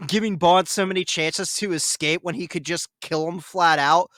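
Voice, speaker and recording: A man co-hosting a casual podcast review, excitable, swearing a lot and laughing often. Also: sits high, normal speed, dry recording. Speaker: podcast co-host.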